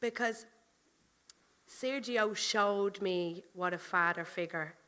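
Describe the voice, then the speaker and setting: A woman pastor preaching a sermon, chatty and animated, telling personal stories and often laughing as she goes. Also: medium pitch, takes it slowly, smooth.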